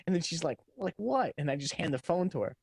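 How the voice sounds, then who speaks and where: Man, rambling podcast co-host, slightly high voice, dry close sound. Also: very fast, slightly rough, no room sound. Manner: rambling, restarts sentences often, laughs while telling stories. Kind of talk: casual late-night tech chat.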